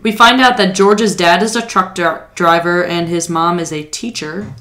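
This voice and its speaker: A woman co-hosting a podcast in casual chat, animated and often quoting lines in mock voices. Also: lowish voice, moderate pace. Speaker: podcast co-host.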